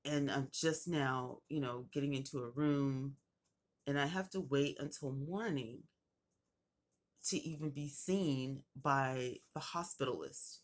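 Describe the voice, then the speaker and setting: A young woman vlogger recounting a personal story in a casual, animated way, acting out the people in it. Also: rumbling low, a little slow. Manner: animated retelling with acted quotes.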